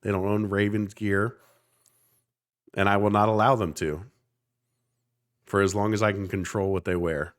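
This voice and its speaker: A podcast co-host in his thirties from South Jersey, near Philadelphia, talks in a fairly low, level voice at normal speed, pausing often. His casual chat is passionate and rambling, with the occasional swear word for emphasis.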